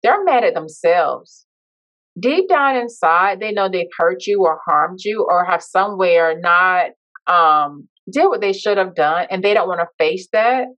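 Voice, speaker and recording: A woman's voice: lowish voice, lively intonation, measured pace, a bit bright. A woman podcast guest telling her personal story in a heartfelt, reflective way. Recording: dull lo-fi sound.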